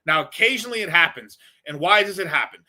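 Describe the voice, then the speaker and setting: On a casual livestream, a male host rambles through viewer questions, talking bluntly and swearing often. His voice is bright, forceful and expressive, pitched a bit high, and he speaks quickly.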